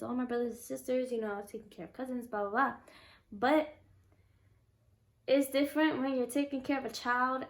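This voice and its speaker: A young woman vlogger telling a personal story in a chatty, animated way and acting out what others said. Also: fairly high pitch. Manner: chatty, animated, acts out quotes. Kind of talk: casual storytelling to camera.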